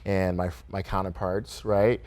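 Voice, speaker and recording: A young man with a fairly low voice talks easily as a studio interview guest. He laughs often and keeps things casual, dropping "right?" and "kinda" into his sentences. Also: level tone, a little slow, over a noisy crowd. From Grand Rapids, Michigan, USA. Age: young adult. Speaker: guest, restaurant owner. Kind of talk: relaxed interview conversation. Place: radio studio.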